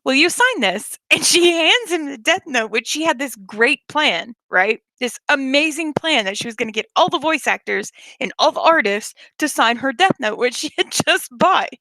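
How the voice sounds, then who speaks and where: A woman's voice: sits high, moderate pace, hardly any pauses, no echo. A young woman with a Southern US accent telling rambling stories and chatting casually with her viewers late at night. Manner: rambling, animated storytelling with frequent laughs and swearing.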